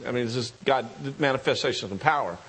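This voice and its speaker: A man preaching a sermon, telling a story with excited high bursts and hushed low asides. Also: fast, husky, rough recording. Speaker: pastor.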